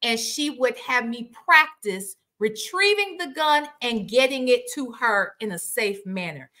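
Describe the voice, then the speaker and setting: Speaking in a higher voice at a measured pace, a woman runs a laid-back reaction livestream. She talks to her audience in an animated, blunt way, with plenty of profanity.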